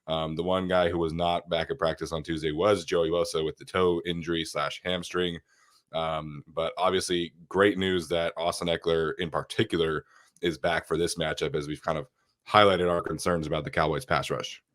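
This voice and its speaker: Man, very low voice, nasal from a cold, podcast host, loose chatty delivery. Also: normal speed. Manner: relaxed, with frequent fillers. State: sick, nasal voice. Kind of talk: casual sports podcast chat.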